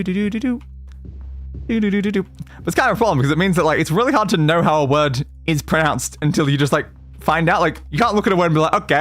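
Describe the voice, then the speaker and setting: In a casual let's-play stream of a retro role-playing game, a man rambles along with frequent fillers and restarts. His pitch is fairly high and his tone a bit bright.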